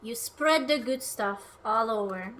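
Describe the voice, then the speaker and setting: A woman's voice: a little high, measured pace, a bit bright, slight background noise. A young woman from Hungary, chatting casually on a livestream while she cooks, playful and self-mocking. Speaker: streamer.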